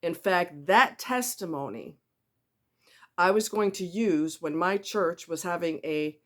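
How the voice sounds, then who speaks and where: A woman's voice: lowish voice, expressive, takes it slowly, fairly bright tone. A woman telling a personal story in a casual vlog, blunt and emphatic, repeating herself for stress and speaking straight to the viewer. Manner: candid and conversational, with asides to the viewer.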